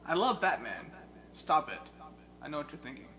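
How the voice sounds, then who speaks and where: A young man in a casual chat about video games, an excitable storyteller who mimics game sounds. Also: fairly high pitch, normal speed. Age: young adult. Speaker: guest. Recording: loud steady hum behind.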